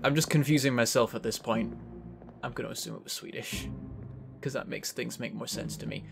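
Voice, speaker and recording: A man's voice: mid-range voice, brisk, creaky, music in the background. A man giving casual gameplay commentary, thinking aloud as he works things out. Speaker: game streamer.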